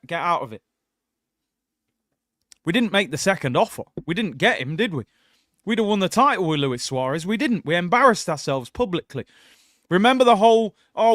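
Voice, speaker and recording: A man's voice: fairly high pitch, a bit bright, no echo, studio quality. A man hosting a football fan channel, ranting in exasperation during a live watchalong and repeatedly addressing his viewers directly.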